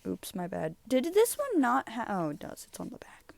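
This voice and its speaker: A woman's voice: a little high, wildly swooping pitch, moderate pace, gravelly, hardly any pauses, slight background noise. A young woman casually chatting as she goes through her old drawings, rambling, giggling and easily sidetracked. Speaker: YouTuber reviewing her own drawings. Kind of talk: casual chat.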